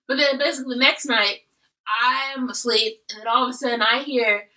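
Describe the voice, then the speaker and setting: A woman's voice: fairly high pitch, fairly even intonation, fairly quick, pushed and bright, recorded from a distance, rough recording. A woman hosting a casual eating video, animatedly telling a story. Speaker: host.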